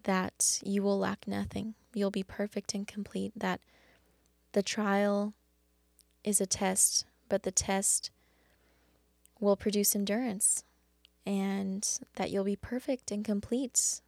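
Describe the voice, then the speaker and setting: A woman hosting a faith devotional talk, speaking earnestly and haltingly with many restarts. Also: medium pitch, level tone, creaky, a little mellow, dry recording. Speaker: podcast host.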